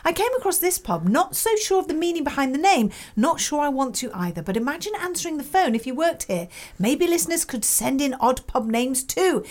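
A woman's voice: high-pitched, very animated, a little fast, a little mellow. A woman co-hosting a podcast, chatting casually and reading listener emails aloud in a playful, giggly way. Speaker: podcast co-host.

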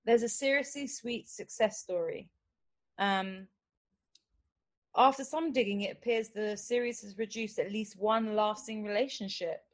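A woman hosting a podcast, quizzing her guests in a teasing, animated way. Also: medium pitch, unhurried. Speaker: podcast host. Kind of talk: casual chat.

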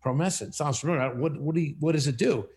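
A company CEO appears as a podcast guest, telling stories in a casual interview with a higher-pitched voice and quick pace. He's animated and acts out the dialogue in his stories.

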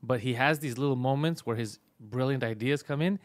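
A brash man riffs through a casual comedy podcast, cursing and teasing his co-host. He talks at a quick clip into a close mic. The sound is dry, with no room around it. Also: medium pitch, dry recording. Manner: brash, fast, profane joking.

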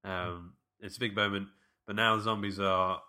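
Low-voiced man with a bright tone. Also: flat delivery, normal speed. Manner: leads the talk, narrates scenes step by step with fillers. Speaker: podcast host. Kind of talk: casual film recap chat.

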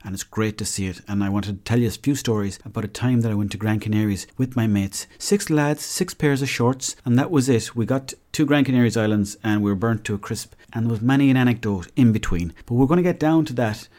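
Brisk and medium-pitched, with a darkish tone, this young man hosts a podcast in an Irish accent. His casual comedic monologue meanders through stories in a chatty, rambling fashion.

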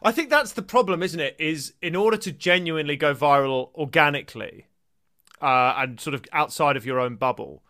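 Male podcast co-host, slightly high, bright voice, dry close sound, jokey and sweary. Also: normal speed, no room sound. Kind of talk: casual comedic chat.

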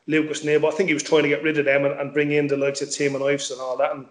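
A middle-aged man talks quickly, repeating words as he goes and dropping the odd swear. His voice sits a touch high for a man. The room around him is echoey. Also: completely flat delivery. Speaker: former footballer, guest. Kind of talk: casual interview chat.

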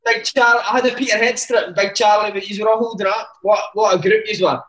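High, fast man. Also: steady tone, fairly bright tone. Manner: eager, chummy, quick reactions. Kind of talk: casual chat.

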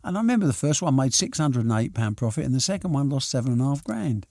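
Gravelly older man telling stories. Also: mid-range voice, quick pace, dry recording, studio quality. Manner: lively anecdotal storyteller, restarts and acts out quotes. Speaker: boxing and snooker promoter. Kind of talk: reminiscing interview answers.

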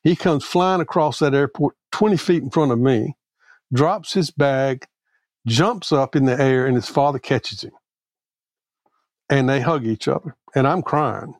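Gravelly middle-aged man telling a story. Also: medium pitch, no room sound. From Mississippi, US. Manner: halting, earnest, with frequent restarts. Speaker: guest theologian. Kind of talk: personal storytelling in a podcast interview.

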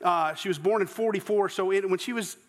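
A Southern US pastor preaching in a church sanctuary, with a high voice for a man. He tells his story earnestly, stumbling into false starts, and his words trail into a long reverb. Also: a little fast. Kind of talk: sermon.

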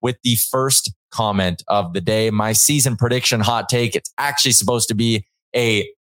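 A man's voice: on the low side, normal speed, a bit bright, no echo. A man hosting a sports talk show in a small studio, fired up and joking as he reads viewer comments. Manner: hyped, joking, reads chat comments aloud. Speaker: podcast host. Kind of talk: casual sports chat.

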